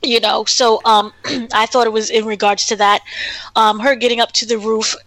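Female co-host, higher bright voice, hesitant casual opinions, dry close sound. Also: flat delivery, normal speed, dry recording, poor audio. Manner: hesitant, lots of ums. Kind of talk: casual chat.

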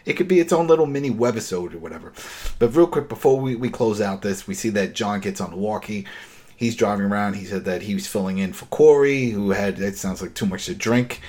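A man hosting a casual talk show, retelling a TV episode in an animated way. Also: on the low side, a little fast. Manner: animated retelling, acts out quotes. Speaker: host.

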